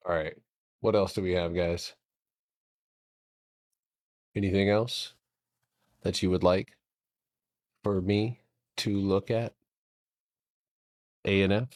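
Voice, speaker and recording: Deep-voiced, profane trading streamer. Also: male voice, steady tone, takes it slowly, long pauses, darkish tone, no room sound, clean studio sound. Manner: profane, joking, thinking aloud. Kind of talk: casual live-stream chat.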